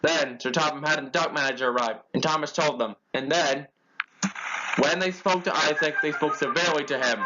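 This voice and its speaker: A man's voice: fairly high pitch, brisk, loud music behind the voice. A man reading a scripted storybook tale in a plain narrating manner, in a dull lo-fi recording.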